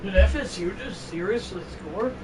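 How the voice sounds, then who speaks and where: Excitable high-voiced man streaming. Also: moderate pace. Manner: excitable, bursts into shouted exclamations. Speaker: live streamer commentating a football video game. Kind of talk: casual live-stream commentary. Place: indoors, on the floor next to a fan. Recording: distant mic with fan noise.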